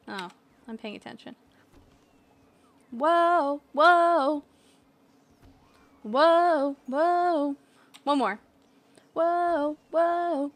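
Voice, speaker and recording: A woman's voice: high voice, lively intonation, takes it slowly, a bit bright. A woman hosting a gaming channel, chatting casually and playfully over gameplay with lots of giddy exclamations.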